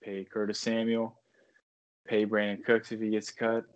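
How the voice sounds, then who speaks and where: A man's voice: on the low side, completely flat delivery, moderate pace, clean tone. A man from Australia, co-hosting a sports podcast in casual chat with dry humor. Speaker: podcast co-host.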